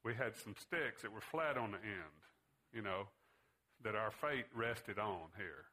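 Bright-voiced man teaching a Bible class. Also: lowish voice, lively intonation, unhurried. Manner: conversational, asks the class questions. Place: classroom with students.

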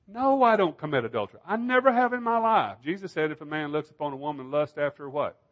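Animated preacher, a man on a dull recording. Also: fairly high pitch, fast talker. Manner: animated, emphatic, rhetorical questions. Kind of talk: sermon.

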